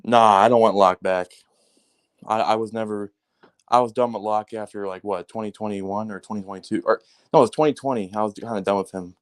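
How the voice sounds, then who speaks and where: In a lowish voice that runs a little fast, a man vents in a heated, casual sports rant. He swears a lot, stays animated, and keeps leaning on fillers like "like" and "man".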